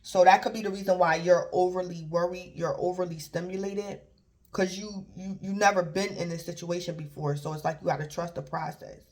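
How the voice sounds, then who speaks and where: A woman's voice: on the low side, little pitch movement, fairly quick. A woman giving a casual tarot reading, rambling and repeating herself, filling gaps with "like" and little chuckles. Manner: rambling and repetitive, filler "like", chuckles; acts out imagined callers in brief quoted voices. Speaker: tarot reader.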